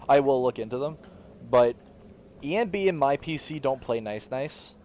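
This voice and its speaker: A man's voice: mid-range voice, animated, normal speed, darkish tone, a little hiss or hum. A man streaming a game, chatting casually with viewers in a blunt, sweary manner. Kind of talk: casual gameplay commentary.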